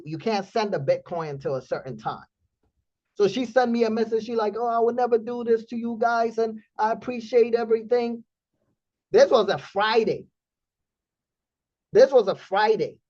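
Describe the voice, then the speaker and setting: A man hosting a trading community stream, telling a story in blunt, animated casual talk with profanity. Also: high-pitched, highs cut off.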